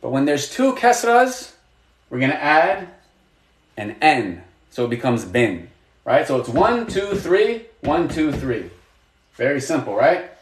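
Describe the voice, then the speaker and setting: A man's voice: a little high, very animated, slow, echoey room. A man teaching a live online lesson, patient and encouraging, asking students questions and praising their answers. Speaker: Arabic teacher.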